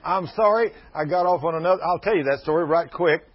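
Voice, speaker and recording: Quick-paced and husky, his pitch fairly high, a man in his sixties gives a folksy, emphatic sermon to the congregation. It slips into fervent prayer, and the recording is dull and lo-fi.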